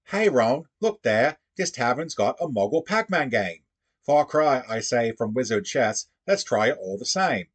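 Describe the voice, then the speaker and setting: Casting: bright, high British schoolgirl witch, a man putting it on, sing-song rhyming delivery. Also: sing-song, unhurried, breathy edge. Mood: cheerful. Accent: put-on British. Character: eager young witch, teen girl, cheerful.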